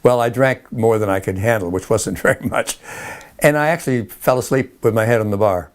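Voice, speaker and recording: An older man with a fairly low voice recounts memories in an interview. His telling is loose and rambling, full of restarts, and he often chuckles as he goes. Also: fairly quick. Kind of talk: oral history interview.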